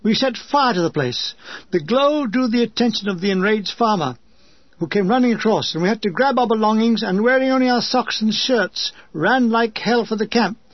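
A man's voice: high voice, expressive, moderate pace, no echo, muffled recording. A man reading a memoir in a dry comic storytelling manner. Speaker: narrator. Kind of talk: scripted memoir narration.

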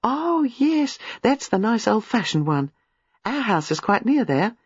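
A man voicing a bright, eager young woman. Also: high voice, sing-song, unhurried, husky, no room sound, pitched above the performer's own voice, heavily acted. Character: young woman, lively and inquisitive. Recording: slightly muffled, dry.

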